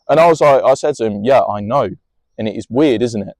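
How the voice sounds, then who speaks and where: A man's voice: medium pitch, brisk, darkish tone, no echo, clean studio sound. A young man tells a personal story in a rambling, emotional way, swearing freely and restarting often.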